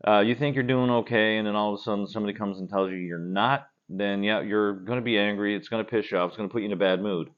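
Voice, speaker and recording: A man's voice: lowish voice, fairly even intonation, fast talker, hardly any pauses, clean tone, lo-fi sound. A man who plays guitar in a cover band, talking bluntly and with plenty of swearing while he drinks beer at home. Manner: blunt and profane, talks in a loose rambling way. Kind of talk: casual vlog answering viewer questions. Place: at home, indoors.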